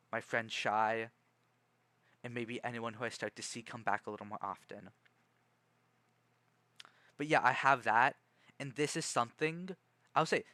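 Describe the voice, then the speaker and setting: A young man streaming and chatting casually, rambling in a calm, measured way with many restarts and fillers. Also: medium pitch, dry recording. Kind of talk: casual livestream chat.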